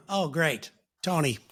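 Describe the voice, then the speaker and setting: A man co-hosting a comedy podcast chats casually and boasts in jest. His voice is gravelly and pitched a little high. His delivery is playful and loose. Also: slow pace, fairly bright tone. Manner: joking, self-boasting. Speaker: podcast co-host.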